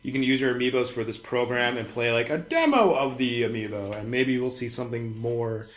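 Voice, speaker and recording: A man co-hosting a casual gaming podcast, laughing often and trailing off quietly. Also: medium pitch, expressive, a little fast. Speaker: podcast co-host.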